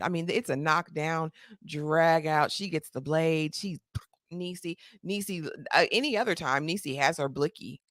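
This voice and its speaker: A woman's voice: low-pitched, unhurried, dry recording, clean studio sound. A woman recapping a TV episode in a sassy, chatty way with slangy asides. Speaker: TV recap host.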